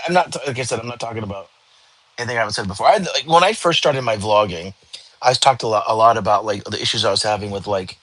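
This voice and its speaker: A man's voice: on the low side, a bit bright, poor audio. A middle-aged man hosting a casual livestream from his bedroom, tired and yawning, rambling and answering chat comments. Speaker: livestream host.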